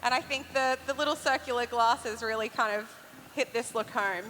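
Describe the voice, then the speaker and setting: An Australian woman with a high, bright voice talks a crowd through a hairstyling demonstration, chatty and laughing easily. Her voice carries a long reverb through a big hall. A faint hum of ambience sits underneath. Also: moderate pace. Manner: chatty, laughs easily, explains as she works. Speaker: hairstylist presenting on stage. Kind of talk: live stage demonstration. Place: large event hall on stage.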